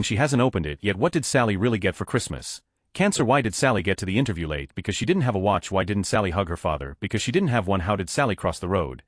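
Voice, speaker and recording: Guy with a lowish voice reading reddit jokes, bouncy up and down, super dry close mic. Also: dry recording. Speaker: narrator.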